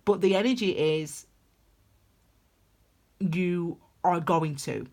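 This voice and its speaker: A woman's voice: on the low side, slow, darkish tone. A woman giving a casual tarot reading, rambling and emphatic with lots of restarts. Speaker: tarot reader.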